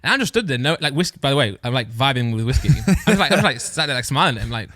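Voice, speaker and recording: A man's voice: medium pitch, big pitch swings, racing, few pauses, a bit bright, no echo, studio quality. A young man telling a rambling story on a podcast, often breaking off and laughing as he goes. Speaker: podcast co-host. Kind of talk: casual storytelling chat.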